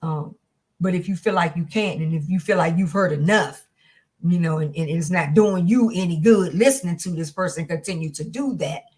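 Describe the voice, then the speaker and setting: A woman's voice: on the low side, normal speed, darkish tone. A woman teaching a class on domestic violence, speaking in an earnest, repetitive, conversational way with many fillers.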